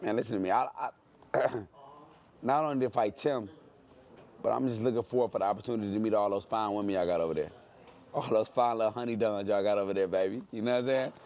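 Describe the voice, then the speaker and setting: A man's voice: lowish voice, fast, a little mellow. A man, a professional boxer talking brashly in an interview, boasting and repeating his phrases for effect. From Detroit, USA. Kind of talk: animated interview talk.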